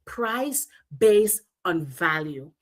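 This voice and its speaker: A woman's voice: on the low side, very animated, very slow, poor audio. A woman from Jamaica, giving an emphatic, punchy motivational talk on a livestream. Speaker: speaker.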